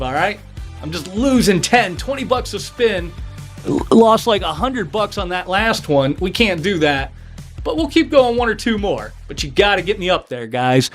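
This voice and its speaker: A man's voice: sits high, big pitch swings, moderate pace, soft background music. A man hosting a casual live-stream sale, chatting with viewers and doing card tricks as he talks. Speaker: livestream seller and breaker. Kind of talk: casual livestream selling patter.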